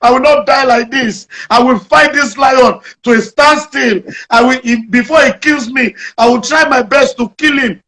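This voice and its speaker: A Nigerian man putting on a frantic job-seeker in a monkey suit, high strained yelling, desperate, Nigerian accent, much higher than his own voice. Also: moderate pace, hardly any pauses, rough recording. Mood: panicked. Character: panicked male job-seeker in a monkey suit facing a lion.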